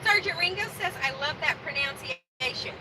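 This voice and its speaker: A woman's voice: high voice, moderate pace, crowd noise, background noise. A woman co-hosting a casual live stream from a truck cab, reading viewer comments and teasing her partner. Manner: teasing, corrects his pronunciation.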